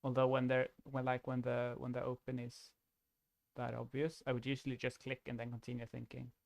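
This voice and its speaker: A man commenting casually on a card game, thinking out loud and often restarting his sentences. His voice sits at a middle pitch. The sound is dry and close, with no room around it. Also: monotone, brisk, gravelly, no echo. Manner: rambling, restarts often, laughs easily.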